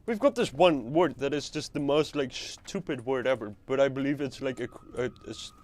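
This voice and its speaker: A man's voice: medium pitch, a little fast, darkish tone. Guy streaming a game, rambly and joking around, swears a bit. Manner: rambling, playful, swears casually. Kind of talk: casual live game stream chat.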